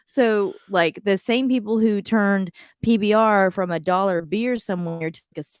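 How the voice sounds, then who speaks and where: A woman's voice: medium pitch, moderate pace, clear, resonant tone, no echo. A woman chats casually on a podcast, wandering off topic and laughing easily. Her voice is recorded dry and close. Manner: chatty, digressive, laughs easily. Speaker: podcast co-host. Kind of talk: casual chat.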